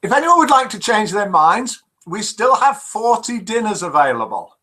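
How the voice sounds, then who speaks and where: Man doing a nervous Irish stewardess, higher pitched, overly polite cabin announcement. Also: very animated, normal speed, pushed and bright, full character voice. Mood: sweetly sly. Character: apologetic Irish woman flight attendant, nervous.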